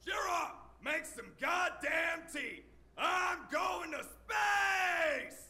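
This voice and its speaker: A man voicing a brash, rowdy male pilot who shouts roughly. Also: very high-pitched, drawn-out words, soft background music, some chatter behind, heavily acted.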